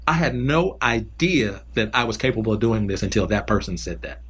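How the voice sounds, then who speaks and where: A man's voice: fairly low pitch, expressive, a little fast, fairly bright tone, husky. A man who mentors kids, talking in a casual podcast conversation and telling earnest stories with repeated phrases for emphasis.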